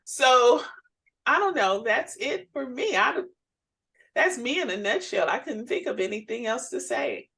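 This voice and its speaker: A middle-aged woman co-hosting a relaxed faith conversation. She tells personal stories in plain everyday speech, breaking into laughs and lively quoted voices as she goes. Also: on the high side, moderate pace, creaky. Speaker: podcast co-host. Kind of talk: casual faith chat.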